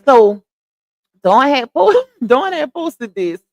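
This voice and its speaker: A woman's voice: sits high, sing-song, slow, darkish tone, dry recording. A woman hosting a casual livestream, chatting straight to her viewers and laughing often. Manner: laughs often while talking. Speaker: livestream host.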